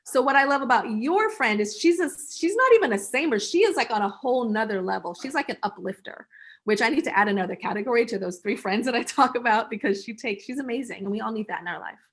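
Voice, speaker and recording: A woman from the United States as the guest in a casual interview over a video call, talking in an animated way and breaking into little acted-out voices. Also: on the high side, fast, husky.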